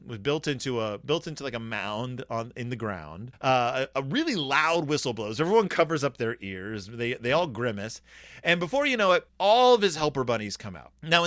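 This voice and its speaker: A man's voice: a little high, bright, forceful tone, no echo, studio quality. A man hosting a podcast, chatting casually and enthusiastically about a children's book, rambling and acting out the characters. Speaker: podcast host reviewing children's books. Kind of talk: casual book review chat.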